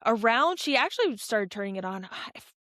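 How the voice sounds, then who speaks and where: A woman's voice: fairly high pitch, brisk, no room sound, studio quality. Chatty young woman retelling a race. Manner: animated, rambling storytelling with many fillers and restarts. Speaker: podcast guest, ultra runner. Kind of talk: casual storytelling interview.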